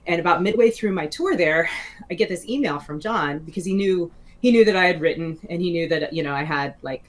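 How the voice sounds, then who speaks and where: A woman's voice: lowish voice, fairly quick. A woman in her forties, a guest author in a casual interview, telling stories in a rambling way with many fillers and restarts and frequent laughs.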